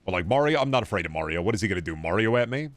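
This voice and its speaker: Man, twenties, slightly deep voice, gaming streamer, rambling, swears a lot, jokey, chats back to viewers. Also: expressive, racing, no echo. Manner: talks back to chat while playing. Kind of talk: casual gaming livestream chatter.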